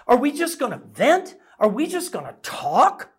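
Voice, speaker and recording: Animated middle-aged male pastor preaching. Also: extremely high pitch, moderate pace, breathy edge. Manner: conversational storytelling, self-deprecating humor. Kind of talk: sermon.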